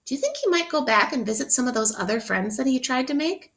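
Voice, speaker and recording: A woman teacher reading a picture book aloud to children, expressively, pausing to ask them questions. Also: sits high, expressive, fairly bright tone. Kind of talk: interactive read-aloud for children.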